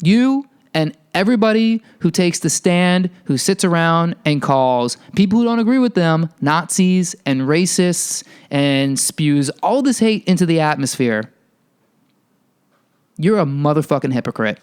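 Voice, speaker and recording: A male podcast host delivering a heated, profane ranting monologue, telling a story with animated energy. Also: fairly high pitch, measured pace, clear, resonant tone.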